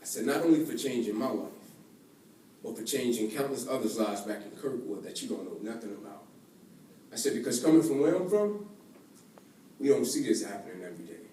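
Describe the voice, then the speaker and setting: A man telling a personal story to an audience, acting out the voices of the people in it and swinging between hushed and excited. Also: medium pitch, a little fast, pauses often. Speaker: motivational speaker. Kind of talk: storytelling keynote speech. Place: large event hall. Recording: echoey hall from far off, faint noise.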